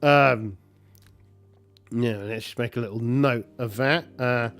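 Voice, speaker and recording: A man narrating a solo tabletop game, talking in a halting, rambling way with many restarts. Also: mid-range voice, a bit bright, faint music behind.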